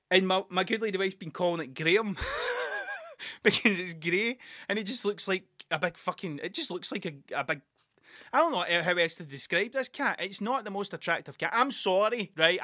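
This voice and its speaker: A man's voice: sits high, big pitch swings, normal speed, sharp tone, no echo, clean studio sound. A man telling a rambling, sweary story in a casual podcast monologue, laughing as he goes. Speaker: podcast host and artist.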